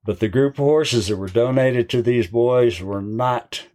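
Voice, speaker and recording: A man's voice: medium pitch, a little slow, mellow. An older man and horse trainer, telling a long, folksy story in an interview.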